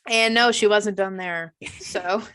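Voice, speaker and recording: Bright-voiced woman telling a story. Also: medium pitch, takes it slowly, smooth. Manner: animated, laughs often, acts out quoted people. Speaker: podcast co-host. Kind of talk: casual storytelling chat.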